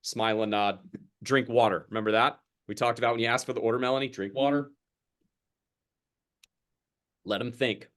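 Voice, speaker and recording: This is sales training over a group video call, led by a young man who talks fast in a medium pitch with fairly even intonation. He keeps things chatty and casual while acting out customer exchanges.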